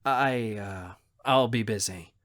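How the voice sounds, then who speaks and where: A man's voice: lowish voice, slow pace, fairly bright tone. A man reading an audiobook, voicing a polite, slightly awkward young male actor hopeful.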